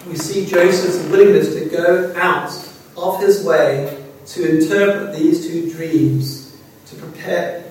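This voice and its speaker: A man with a high voice delivers a sermon with earnest, halting phrasing. He stumbles over repeated words and often asks his listeners rhetorical questions. He is heard from a distance in a hall with heavy echo. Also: a little mellow, a little hiss or hum. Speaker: preacher. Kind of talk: expository sermon. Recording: very echoey hall, speaker far from mic.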